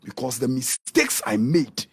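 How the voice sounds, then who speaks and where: Husky, animated Ghanaian pastor. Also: male voice, mid-range voice, unhurried. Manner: animated preaching, switching between Twi and English. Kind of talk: radio interview talk.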